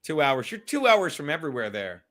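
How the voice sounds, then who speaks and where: A man's voice: fairly high pitch, very animated, a little fast, a bit bright. A male host chatting casually on a livestream, rambling and talking straight to his viewers in the chat. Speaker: podcast host reading live chat.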